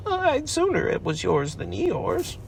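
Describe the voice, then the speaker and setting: A man voicing a tiny, timid male piglet in a storybook with a small, high, anxious voice. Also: wildly swooping pitch, takes it slowly, vocal fry, far from the mic, a little hiss or hum, full character voice.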